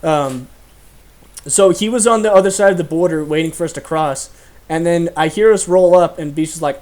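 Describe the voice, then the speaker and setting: A man's voice: on the high side, fast, a little mellow. A young man hosting a casual chat, telling stories animatedly and laughing often. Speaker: host.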